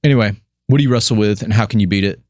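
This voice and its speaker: A lower-pitched man hosting a casual podcast, talking in loose, rambling runs and cracking jokes. His voice sounds close and dry, with no room around it. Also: rapid-fire, darkish tone, no echo. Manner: rambling, jokey, mimics people in quoted voices. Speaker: podcast host.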